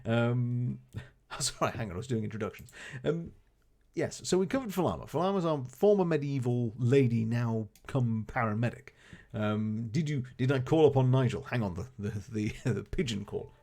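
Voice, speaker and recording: A man's voice: mid-range voice, lively intonation, moderate pace, creaky, mellow. A man streaming a game live, greeting viewers and chatting genially as he plays. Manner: chatty, genial, fond of exclamations like goodness gracious. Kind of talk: casual live-stream chat while playing.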